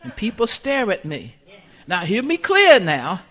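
A woman preaches in a loose, chatty way and keeps asking the congregation questions. Her voice is bright and clear, at a middle pitch for a woman. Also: wildly swooping pitch, a little slow. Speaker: church speaker. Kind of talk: sermon.

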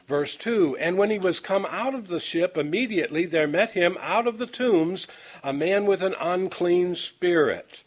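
A man with a notably high voice teaches from scripture in a sermon. He reads the verses slowly and with weight. Between them he drifts into homespun anecdotes, stumbling and repeating himself as he hunts for words. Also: animated. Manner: folksy, storytelling asides; halting, repeats words while finding them. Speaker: preacher.

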